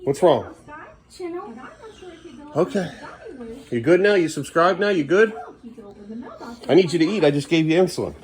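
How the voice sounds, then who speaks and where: A man's voice: fairly high pitch, animated, normal speed, long pauses. A middle-aged man vlogging at home as a father, coaxing and scolding his kids in casual talk.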